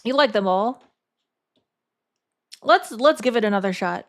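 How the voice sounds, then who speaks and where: Talking to her chat on a casual live stream, this female streamer thinks out loud in a halting manner, often repeating words. Her voice is a little high and expressive.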